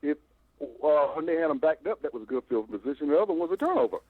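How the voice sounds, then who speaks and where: An older man calling in by phone to a fan show, talking in a long, animated, stammering rant. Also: a little high, quick pace, no room sound. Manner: animated, repeats himself, stammering restarts. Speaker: phone-in caller. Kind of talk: rambling call-in rant. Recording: tinny phone line, dry.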